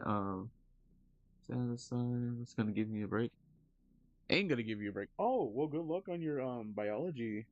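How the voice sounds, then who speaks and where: A young man streaming live, reading chat aloud in a laid-back, slangy way, saying he is low on energy. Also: lo-fi sound. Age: young adult. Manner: laid-back slangy talk, jumps high when teasing chat. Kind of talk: casual livestream chat reading messages.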